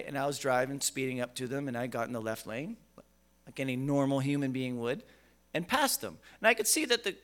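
A man with a smooth, medium-pitched voice preaches a sermon, using emphasis and rhetorical questions and repeating words as he goes. His volume swings from quiet to loud.

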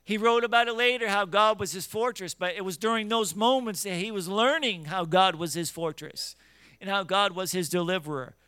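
High, bright-voiced man preaching a sermon. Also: moderate pace, clean tone, no echo. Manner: builds from quiet teaching to loud fervent exhortation; scripture in King James wording, direct scolding of listeners.

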